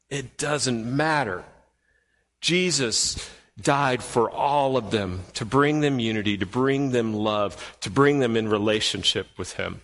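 A man preaching a sermon as pastor, emphatic and full of rhetorical questions to the congregation, his voice swinging from loud and high to low and quiet. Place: church sanctuary. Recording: long reverb from a large hall.

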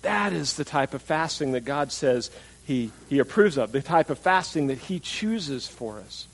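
A man's voice: a little high, expressive, normal speed, creaky, rough recording. A man preaching a sermon in a conversational style, asking the congregation questions and acting out attitudes in mocking voices. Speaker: pastor.

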